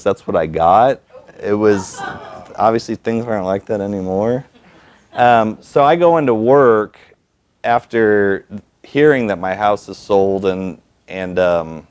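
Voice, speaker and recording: At a storytelling event, a man with a smooth, lowish voice shares a personal story with animation and self-mockery, acting out the people he quotes. There's no echo.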